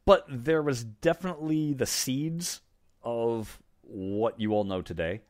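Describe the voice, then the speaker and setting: A man's voice: medium pitch, animated, measured pace, a little mellow. A man co-hosting a podcast, reminiscing casually with frequent ums and laughs. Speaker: podcast co-host.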